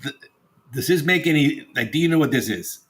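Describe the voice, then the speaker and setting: Playful man, mid pitch. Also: lively intonation, fairly quick, a bit bright. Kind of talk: casual chat.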